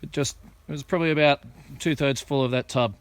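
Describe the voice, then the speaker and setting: A man talks his viewers through his outdoor work in an easygoing, chatty vlog style. His voice is smooth and clear, recorded dry and close, and sits at an ordinary middle pitch. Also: fast, dry recording. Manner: relaxed, chatty explaining while working outdoors. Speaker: vlogger planting trees. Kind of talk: casual show-and-tell vlog. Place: outdoors on hilly rural land.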